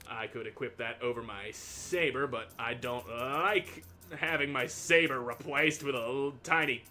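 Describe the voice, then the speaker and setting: A man's voice: medium pitch, sharp tone. A young man casually narrating a video game playthrough, playfully reading the game text aloud. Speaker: game streamer. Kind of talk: casual let's-play narration.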